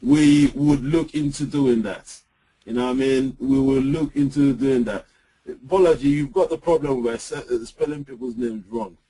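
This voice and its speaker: A man co-presenting a webinar, speaking in a halting, casual way with lots of fillers and some teasing jokes. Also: medium pitch, dark tone, low-quality recording. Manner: halting, many fillers and restarts, joking.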